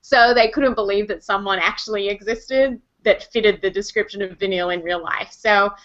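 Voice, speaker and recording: A woman, a voice actor and host, telling stories in a chatty, animated way during an interview over a video call. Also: mid-range voice, dull audio. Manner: chatty, animated storyteller, quick laughs. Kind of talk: casual interview chat.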